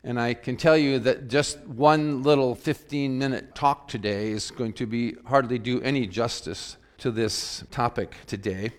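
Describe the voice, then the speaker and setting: A male pastor speaking in a church sanctuary. His delivery is measured and earnest, and he slows into thoughtful pauses as he reads scripture and reflects aloud. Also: medium pitch, steady tone. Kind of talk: liturgy and sermon.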